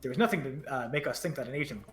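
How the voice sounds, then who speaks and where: A man streamer reading a story game aloud, with quick jokey asides. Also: mid-range voice, faint music behind. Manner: fast, lively, joking asides. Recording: roomy echo.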